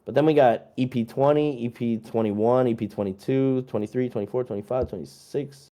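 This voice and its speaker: A man's voice: mid-range voice, a little fast, mellow. A young man, a musician guest, chatting casually through a long list of his releases, rambling and joking with lots of fillers.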